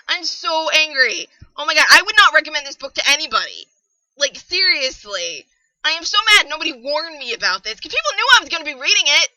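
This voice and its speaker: A young woman reviewing a book on a podcast, ranting in an exasperated, animated way and swearing freely. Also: extremely high pitch, no room sound, poor audio.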